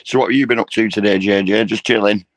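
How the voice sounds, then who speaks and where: A hoarse man hosting a casual livestream chat, blunt and sweary with laddish banter. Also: on the low side, fairly even intonation, quick pace, no echo. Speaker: livestream host.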